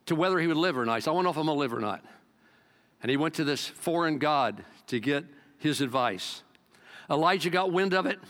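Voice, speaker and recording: Pastor, male, high and bright voice, lively conversational sermon delivery. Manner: animated, conversational preaching with swings in pitch and loudness.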